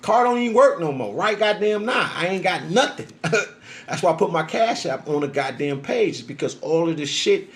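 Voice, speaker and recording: A man telling a rambling, profanity-heavy personal story on a livestream, animated and emphatic, often acting out the voices he quotes. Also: moderate pace. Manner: acts out voices in quotes, pitch jumping up. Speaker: social media livestreamer.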